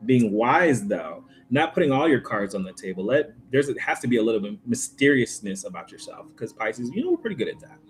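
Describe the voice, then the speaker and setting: A man giving a casual, informal tarot reading to his viewers, chatty and full of slangy asides. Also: medium pitch. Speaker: tarot reader.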